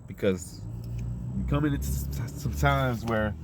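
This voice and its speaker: A man's voice: mid-range voice, measured pace, very noisy. A man delivering a fiery, profane, unscripted monologue, firing off rhetorical questions in a preachy tone.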